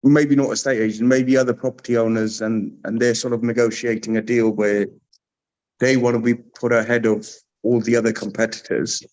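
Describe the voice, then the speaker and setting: A man's voice: medium pitch, flat delivery, normal speed, darkish tone. A man hosting a live video-call interview, putting a question to his guest with hesitant rephrasing. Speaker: host. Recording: dull, lo-fi video-call audio.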